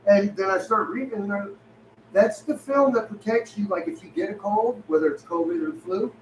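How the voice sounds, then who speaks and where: A man's voice: sits high, a little fast. Rowdy foul-mouthed man in echoey room. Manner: rowdy, swears heavily, tells stories acting out both sides. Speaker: podcast co-host. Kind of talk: profane casual chat. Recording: echoey room, far from mic, faint hiss.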